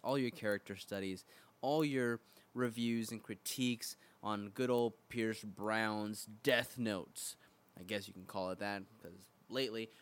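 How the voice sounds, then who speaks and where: A man's voice: fairly low pitch, fairly bright tone, clear, resonant tone. A man from Kentucky, leaving a friendly, rambling voicemail for a podcast. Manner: friendly and rambling fan praise. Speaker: voicemail caller. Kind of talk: recorded voicemail message.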